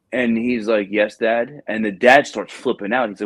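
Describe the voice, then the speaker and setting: A man hosting a podcast, telling a story in a casual, lively way and acting out the people in it. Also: medium pitch, moderate pace, hardly any pauses, no echo. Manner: animated storyteller, acts out quoted people. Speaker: podcast host.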